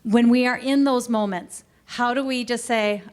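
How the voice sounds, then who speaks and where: A middle-aged woman speaks to camera in a customer service training session, her voice sitting a little above the usual for a woman. She talks in a loose, conversational way and gets animated whenever she acts out what staff or customers say. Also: a little high, normal speed. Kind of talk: training presentation. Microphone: recorded to camera.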